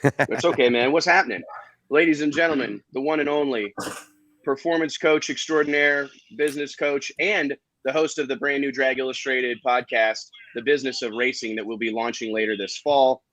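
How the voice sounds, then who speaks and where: A man hosting a casual live stream, chatting loosely and stopping to fill gaps with "um" and "uh." His voice is bright and forward, in a medium range. It sits close and dry on the mic. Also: medium pitch, fairly even intonation, normal speed, dry recording, low-quality recording. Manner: chatty, hesitant with fillers. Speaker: livestream host.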